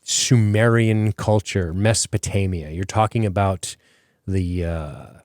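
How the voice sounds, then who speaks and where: A man's voice: low-pitched, fairly even intonation, unhurried, darkish tone, no echo, studio quality. A man hosting a podcast in casual chat, rambling with many fillers and casual swearing. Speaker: podcast host.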